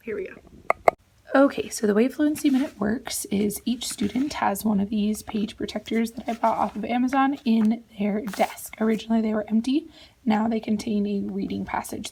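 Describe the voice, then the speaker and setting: A young woman, a second grade teacher, chatting in a casual classroom vlog with a hoarse, half-whispered lost voice. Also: medium pitch, mellow, a little hiss or hum, low-quality recording. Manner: chatty, rambling, self-correcting.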